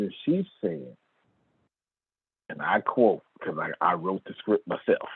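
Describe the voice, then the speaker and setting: A man with a husky, slightly rough voice tells a story to a crowd, his pitch swinging widely as he gets worked up. He keeps calling listeners by name. The sound is thin and tinny, like a phone line, with no room echo. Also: unhurried, pauses often. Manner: lively, calls on listeners by name, acts out quoted lines. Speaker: motivational speaker. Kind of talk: animated storytelling to an audience.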